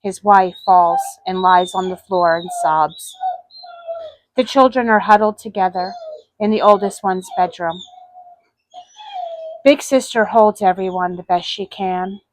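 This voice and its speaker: A woman reading her own short story aloud in a soft, earnest manner. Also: medium pitch, a little slow, long pauses, no room sound, poor audio. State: voice cracking with emotion.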